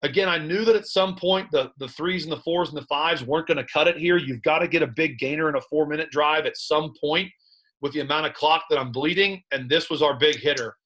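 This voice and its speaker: A man who coaches high school football, breaking down game film in conversation and telling animated stories about his players and staff. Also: fairly quick. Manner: animated storyteller recounting sideline moments; plain coaching talk about play calls.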